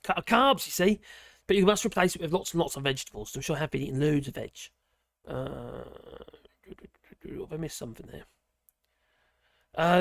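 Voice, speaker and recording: A man's voice: a little high, a little fast, creaky, pauses often, a bit bright, dry recording, studio quality. A man from Norfolk with a Norfolk accent, hosting a casual livestream chat, rambling with many fillers, chuckles and exclamations. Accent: Norfolk English. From Norfolk, England. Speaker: livestream host.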